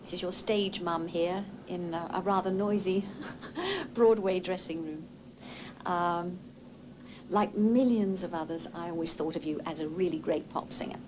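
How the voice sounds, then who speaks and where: A woman's voice: on the low side, unhurried, background noise. A woman recording a fond, chatty message from a backstage dressing room. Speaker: guest sending a message.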